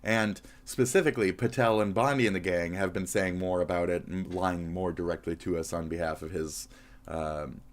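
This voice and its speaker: A man's voice: low-pitched, fairly even intonation, moderate pace. A man from the American South streaming crude, rambling, sarcastic reaction commentary on clips. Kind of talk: casual profane reaction commentary.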